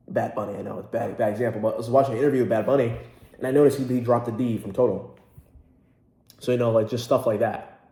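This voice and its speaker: In a warm, medium-pitched voice, a man vlogs about learning a language, chatty and rambling, full of fillers and restarts. The room gives the recording an echo.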